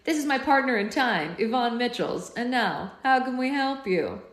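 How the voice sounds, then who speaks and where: A woman's voice: on the high side, animated, normal speed, pitched above the performer's own voice, close to an everyday voice. Woman reading a breezy, sarcastic young male hero, roomy sound. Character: cocky sarcastic young male time traveler. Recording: roomy echo.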